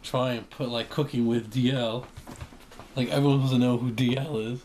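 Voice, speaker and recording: A man's voice: medium pitch, steady tone, moderate pace, darkish tone. A young man rambling casually to camera, joking and acting out imagined conversations. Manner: rambling, jokey, acts out imagined exchanges. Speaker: vlogger. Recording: faint background noise.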